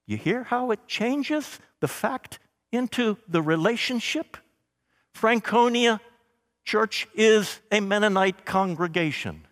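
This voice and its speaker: A man preaching a sermon, slow and emphatic, with dramatic pauses and scripture read aloud. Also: sits high, lively intonation, fairly bright tone, big-room sound. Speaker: pastor.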